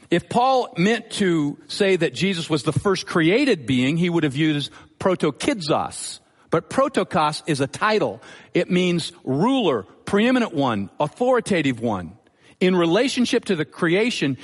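A male pastor preaches a sermon in a measured, teaching manner, pressing his key phrases through repetition. His voice sits a little high for a man. It carries a long reverb, as in a large hall.

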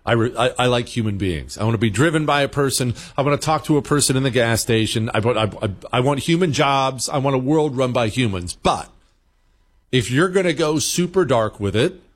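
A man in a talk-show monologue, spinning stories with lots of emphasis and repetition. He drops into playful beeping noises to act out machines. His voice sits at an ordinary middle pitch. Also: brisk. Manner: animated storytelling, mimics beeping sounds.

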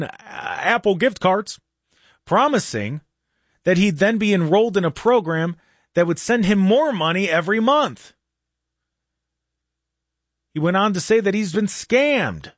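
A middle-aged man hosting a radio talk show, telling stories in a lively casual way and acting out what people said. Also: high voice, no echo, clean studio sound. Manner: animated storyteller, acts out quotes.

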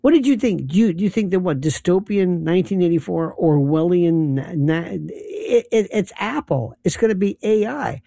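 A man's voice: sits high, animated, moderate pace, gravelly, hardly any pauses, warm tone, dry recording. A man delivering a sarcastic, incredulous political rant as a commentator. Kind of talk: ranting monologue. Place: New York City.

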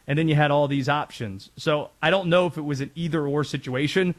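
Brisk and on the high side, a North Carolina man hosts a laid-back sports talk show. He cracks jokes, spins stories, and livens things up with quotes and impressions.

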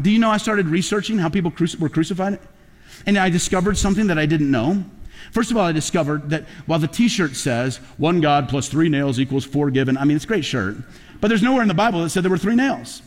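A male pastor delivers a sermon in a casual, storytelling tone, then pushes into loud emphatic peaks. His voice sits a little high for a man. It rings out with a long reverb, as in a big church auditorium. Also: expressive, fast talker. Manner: conversational preaching, builds to loud emphatic peaks.

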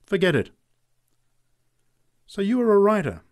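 A man's voice: fairly high pitch, very animated, moderate pace, darkish tone, pitched above the performer's own voice. A man voicing a big, coarse, bossy woman who talks bluntly. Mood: brusque. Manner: blunt, coarse working-class talk.

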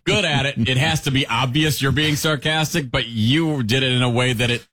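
A man's voice: mid-range voice, moderate pace, a bit bright, dry recording, studio quality. A man co-hosting a radio show, explaining jokes in a wry, thoughtful way. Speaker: radio co-host. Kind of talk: casual studio banter.

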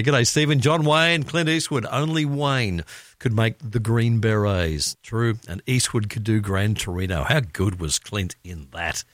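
Chatty Australian radio host, lively pitch. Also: male voice, dry recording. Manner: chatty, laughing, reads listener comments aloud. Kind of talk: casual radio chat. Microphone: studio microphone.

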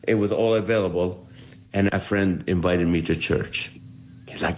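A man's voice: deep voice, moderate pace, pauses often. A middle-aged man, a comedian, telling stories in an interview and acting out the voices of the people in them. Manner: animated storyteller acting out voices. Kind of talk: storytelling in an interview.

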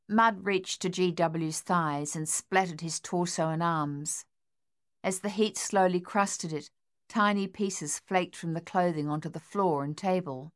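A woman narrating an audiobook in a steady, measured storytelling manner. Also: fairly low pitch. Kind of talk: scripted narration.

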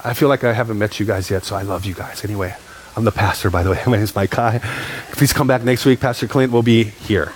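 A middle-aged man preaching as a pastor, telling stories with lively repetition and emphasis. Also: lowish voice, quick pace, slight background noise. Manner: animated storytelling with repetition. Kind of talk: sermon to a youth group.

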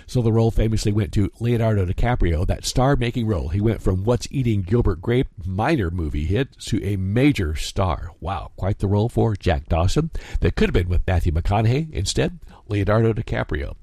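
A man's voice: lowish voice, a little fast, dry recording. A man, chatting casually as a classic hits radio DJ. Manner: lively, chatty, animated delivery. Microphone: studio microphone, dry.

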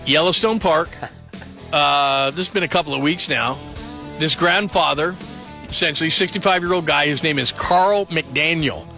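A man hosts late-night sports radio, rambling and joking from the studio. His voice sits a touch high and sounds bright and forceful. Soft music plays underneath.

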